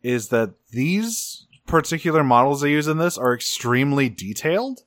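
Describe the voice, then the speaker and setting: A man co-hosting a casual talk show, recapping an animated episode with loose, profane rambling. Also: mid-range voice, moderate pace, no room sound. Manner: rambling, swearing, many restarts. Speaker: podcast co-host. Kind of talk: casual chat recapping a cartoon.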